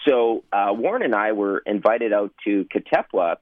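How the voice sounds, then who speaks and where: A man spins sports-broadcasting anecdotes over a tinny, phone-like line, his voice low and close. He rambles, packs his talk with fillers and keeps breaking into laughter. The sound is dry, with no room around it. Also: lively intonation, normal speed, no room sound. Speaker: former sportscaster, guest. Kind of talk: anecdotal storytelling.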